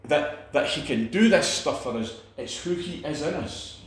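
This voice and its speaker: A man's voice: fairly high pitch, lively intonation, moderate pace, echoey room. A man preaching a sermon, emphatic, with repeated phrases and restarts.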